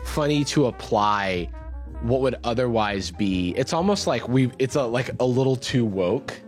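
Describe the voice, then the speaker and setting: A man's voice: mid-range voice, animated, a little slow, soft background music. A man co-hosting a podcast, talking casually with lots of fillers and restarts. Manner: rambling, many fillers and restarts. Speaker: podcast co-host. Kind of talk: casual chat.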